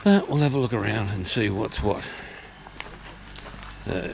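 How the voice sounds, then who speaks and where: This vlog host is an Australian man touring pubs on foot, shooting handheld footage both outdoors and in a country pub while he chats, rambles and swears casually. He speaks at a measured pace in a creaky, fairly low voice over a noisy background.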